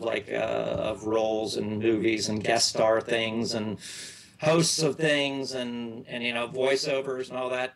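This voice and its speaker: A middle-aged man with an ordinary male pitch is a guest in a relaxed, casual interview, rambling loosely from one story to the next. He trips over his sentences and restarts them often, keeping an easygoing conversational flow. The recording is rough.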